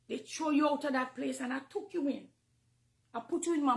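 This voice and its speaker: High-voiced Jamaican woman minister testifying. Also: a little fast, gravelly, roomy sound. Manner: emotional and confessional, swinging from hushed to fervent. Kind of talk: impassioned testimony from the pulpit. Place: church, near the pulpit.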